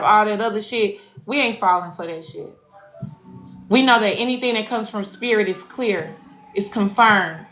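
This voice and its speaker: A woman's voice: mid-range voice, a bit bright. Slangy woman coach in an echoey room. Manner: slangy, affirming and profane, repeats phrases for emphasis. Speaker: spiritual life coach and intuitive reader. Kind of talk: live-stream sign-off to followers. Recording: echoey room with faint background noise.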